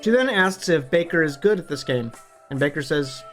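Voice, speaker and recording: A book review YouTuber narrates a summary for his online channel in an upbeat, conversational way, tossing in the odd casual swear. His voice is fairly high, animated, and a bit bright at a moderate pace, with soft music playing behind him.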